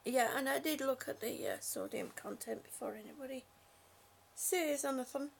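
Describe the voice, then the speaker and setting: A woman hosting a casual livestream from home, chatting warmly with viewers and reading their comments aloud, with lots of fillers and terms of endearment. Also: high voice, normal speed, creaky. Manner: chatty and affectionate, frequent fillers. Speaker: livestream host.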